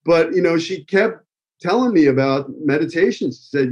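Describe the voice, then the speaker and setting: A man's voice: fairly high pitch, lively intonation, moderate pace, a little mellow, breathy edge, muffled recording. A man with a New York accent giving an emotional, rambling tribute speech full of fillers. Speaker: acting school owner giving a tribute speech. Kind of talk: heartfelt personal speech.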